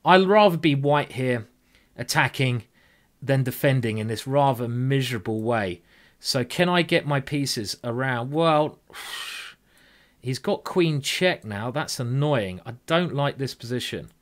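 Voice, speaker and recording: A man's voice: mid-range voice, expressive, slow pace. A man streaming blitz chess, thinking aloud in a chatty, self-mocking way and talking to his viewers. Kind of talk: live-stream commentary while playing blitz chess.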